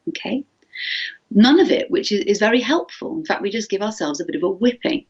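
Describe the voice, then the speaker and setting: A husky-voiced woman leads an interactive teacher-training workshop, speaking with lively energy and often checking in with her listeners. She slips into worried inner voices to make her points. The sound is dull and lo-fi, as if coming through a video call. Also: medium pitch, brisk. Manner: lively, animated, acts out anxious inner voices, frequent "okay?".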